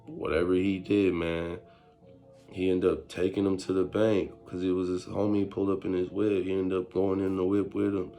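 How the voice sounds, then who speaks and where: A man's voice: deep voice, normal speed, faint music behind. A young man casually telling a story in street slang, acting out what others said. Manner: street slang, animated retelling with quoted voices.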